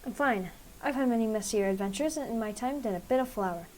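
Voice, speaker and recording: Woman voicing an awkward bookish man, formal, measured, read from a game. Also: fairly high pitch, darkish tone, slight background noise, lightly acted, rough recording. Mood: earnest. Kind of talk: game dialogue read aloud.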